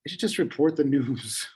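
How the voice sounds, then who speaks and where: A man's voice: a little high, animated, measured pace, dark tone, poor audio. A man teaching a class in a classroom, talking casually with many fillers and self-deprecating asides.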